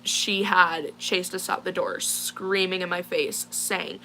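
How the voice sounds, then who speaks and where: A woman's voice: fairly low pitch, fairly even intonation, takes it slowly, gravelly, hardly any pauses, sharp tone, a little hiss or hum. A teenage girl casually recounting a distressing incident to viewers, rambling with many fillers and sounding shaken. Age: teens. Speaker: vlogger telling a personal story. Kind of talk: casual storytelling to a live audience.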